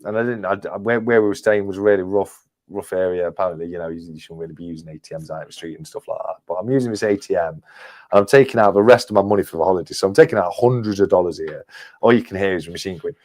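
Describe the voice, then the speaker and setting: A man's voice: low-pitched, racing, darkish tone. English man telling a chatty story. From England. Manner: chatty, laughs through his anecdotes. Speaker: livestream guest. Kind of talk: casual storytelling.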